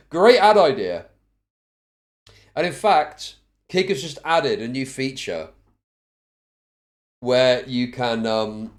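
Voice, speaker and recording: Lively, sardonic male streamer. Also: medium pitch. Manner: reads quickly, then breaks off into sardonic, bored asides. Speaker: live streamer. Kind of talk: reading a court ruling aloud with commentary.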